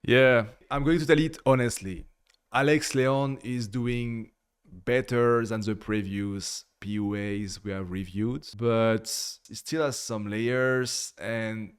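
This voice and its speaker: Blunt guy ranting through a reaction vid, lowish voice, clean and crisp, swears a lot. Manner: blunt, critical, swears freely. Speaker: video reviewer. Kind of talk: casual reaction commentary.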